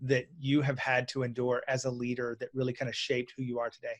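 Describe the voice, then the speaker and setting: A man hosting a business podcast, giving short commentary and asking his guest questions in a measured way. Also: mid-range voice, completely flat delivery. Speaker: podcast host. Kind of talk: interview host with solo commentary.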